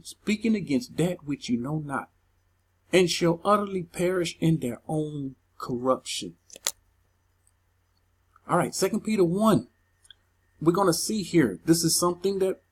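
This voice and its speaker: Emphatic, husky-voiced scripture teacher. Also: mid-range voice. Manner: emphatic, reads verses aloud then argues over them; agitated, stumbles over words. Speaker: Bible teacher. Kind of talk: verse-by-verse scripture commentary.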